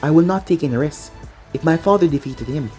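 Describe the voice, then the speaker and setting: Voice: medium pitch, brisk, dark tone, close to an everyday voice. A narrator as a cold resolute young ninja. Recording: faint music behind.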